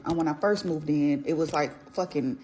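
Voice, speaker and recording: A woman with a low, mellow voice telling a casual storytime. She vents bluntly and profanely, rambling from one complaint to the next. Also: moderate pace, soft background music.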